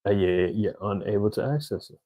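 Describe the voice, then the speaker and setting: A man's voice: fairly low pitch, brisk, dark tone, dry recording, poor audio. A man giving a casual, rambling commentary in slang, talking straight to his viewers. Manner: conversational, rambling, slangy, addresses viewers directly. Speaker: vlogger commentator.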